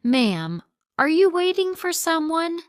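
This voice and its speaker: A woman voicing a kind police officer in an audiobook story, speaking gently, slowly and plainly. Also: extremely high pitch, very animated, no room sound, studio quality, pitched above the performer's own voice, full character voice. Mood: gentle. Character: kind middle-aged male police officer.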